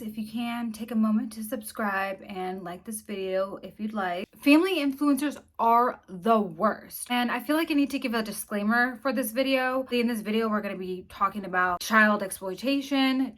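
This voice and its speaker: A woman hosts her own commentary channel, speaking straight to camera in a casual, blunt way. She sounds openly disgusted and presses her points with emphasis. Her voice sits at an ordinary middle pitch. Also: a bit bright. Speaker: commentary vlogger host.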